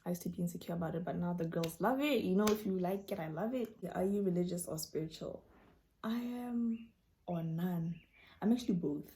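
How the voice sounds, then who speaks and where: A young woman vlogger telling stories and answering viewer questions in a casual chat, acting out dialogue with sudden jumps in voice. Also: lowish voice. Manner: animated, acts out dialogue with quick voice jumps.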